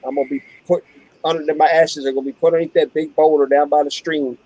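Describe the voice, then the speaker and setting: A man's voice: a little high, little pitch movement, quick pace, warm tone, dry recording, low-quality recording. A man, co-hosting a casual homestead chat in a blunt, joking way. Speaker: co-host of a homestead channel.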